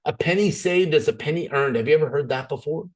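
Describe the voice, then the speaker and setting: Energetic man giving a sales pitch. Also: fast talker. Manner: energetic, persuasive, repeats words when excited. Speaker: presenter. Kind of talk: sales presentation.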